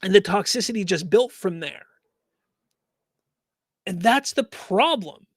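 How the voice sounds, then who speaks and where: A man's voice: high-pitched, lively intonation, unhurried, dry recording, clean studio sound. A man hosting a live fan news stream, reading chat comments aloud and ranting with exasperated rhetorical questions.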